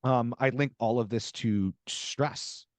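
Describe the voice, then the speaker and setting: Animated male guest in a dry room. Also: medium pitch, takes it slowly, no echo. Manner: animated storyteller acting out dialogue. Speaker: podcast guest, author. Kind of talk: casual interview conversation.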